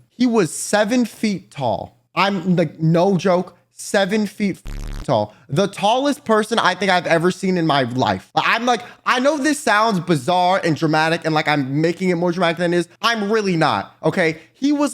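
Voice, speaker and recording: A man tells a storytime vlog story in a high, very lively voice. His delivery is animated, loose and full of swearing. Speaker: vlogger.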